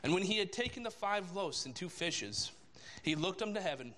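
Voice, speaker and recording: Bright-voiced man preaching in reverberant church. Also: high voice, expressive, normal speed, slight background noise. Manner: conversational, asks rhetorical questions. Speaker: lay preacher. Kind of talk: sermon. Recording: long reverb of a church hall.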